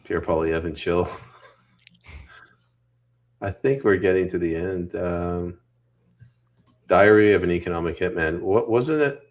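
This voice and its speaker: A man's voice: low voice, slow, long pauses. A man from Canada co-hosting a casual political podcast, joking, laughing often and reading audience comments aloud.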